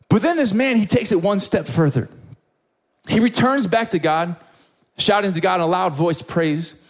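Young guy preaching, pretty high voice, super animated, keeps repeating words. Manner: animated storytelling, stammering repeats. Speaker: young adults pastor. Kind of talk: sermon.

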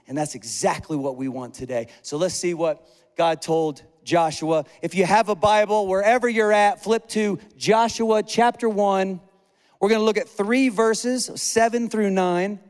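A male pastor delivers an earnest, emphatic sermon, his voice set high for a man. He drives his points home through repetition. The sound rings out with a long hall echo. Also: steady tone, measured pace, darkish tone, smooth. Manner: earnest, emphatic preaching with repeated phrases. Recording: echoey hall reverb.

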